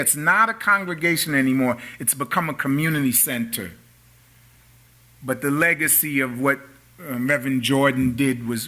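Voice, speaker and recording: A man's voice: a little high, pushed and bright. An older man preaching a sermon as a minister, telling stories and calling out questions to his congregation in a church sanctuary. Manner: storytelling preacher, calls out to the congregation.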